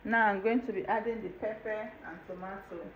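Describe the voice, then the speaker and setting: A woman's voice: medium pitch, fairly even intonation, brisk. Woman walking you thru her cooking, chatty, keeps saying okay, kitchen hum in the back, kinda muffled audio. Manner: chatty step-by-step explaining, checks in with "okay?". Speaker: cooking channel host. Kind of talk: casual cooking tutorial. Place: home kitchen. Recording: dull lo-fi home video with faint room noise.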